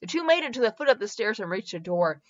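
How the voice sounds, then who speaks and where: A woman's voice: a little high, very animated, fast. A woman reading a parody fan story aloud, amused, often correcting herself. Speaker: fanfiction reader. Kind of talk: amused casual read-aloud. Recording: dull lo-fi recording.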